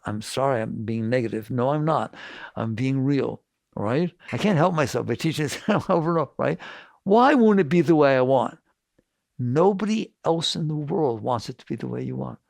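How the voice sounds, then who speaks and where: A man giving a spiritual talk to an audience, blunt and animated, full of rhetorical questions. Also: medium pitch, a little fast, vocal fry, no room sound, clean studio sound. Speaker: spiritual teacher.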